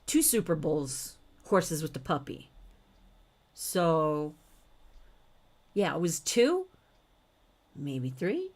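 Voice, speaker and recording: A woman's voice: on the low side, very animated, slow, pauses often, fairly bright tone. Blunt swearing woman reacting to clips. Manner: blunt, swears freely, talks back to the clip. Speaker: reaction video host. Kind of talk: casual reaction commentary.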